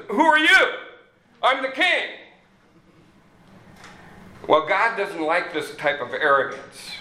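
Slow, bright-voiced man preaching. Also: mid-range voice, roomy sound, a little hiss or hum, low-quality recording. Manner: slow, halting delivery with many fillers and repeats. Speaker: pastor. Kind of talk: sermon.

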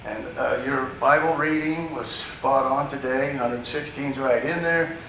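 A pastor delivers a sermon in a conversational, teaching style, turning aside now and then to speak to the congregation. His voice is medium-pitched, unhurried, and sharp in tone. The mic sits at a distance in an echoey room, with faint ambience and slight background noise.

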